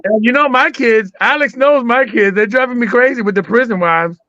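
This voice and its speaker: Bright, high-voiced animated man. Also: fairly quick, dry recording, lo-fi sound. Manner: animated, playful, swears freely. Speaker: co-host. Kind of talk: casual chat.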